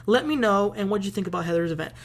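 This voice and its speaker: A woman's voice: mid-range voice, racing. A woman hosting a casual TV recap, chatty and opinionated, with plenty of filler words. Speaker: host.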